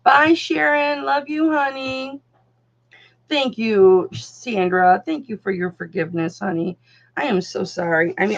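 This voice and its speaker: Gravelly-voiced woman hosting a live jewelry auction. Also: medium pitch. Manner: chatty, calls viewers darling, honey and doll. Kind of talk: casual live-stream selling chat. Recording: dull lo-fi sound.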